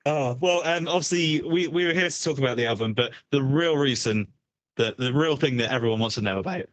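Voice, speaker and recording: A man's voice: medium pitch, fairly quick, a bit bright, no room sound. A man hosting a casual radio interview, laughing often and rambling through his questions. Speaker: radio host.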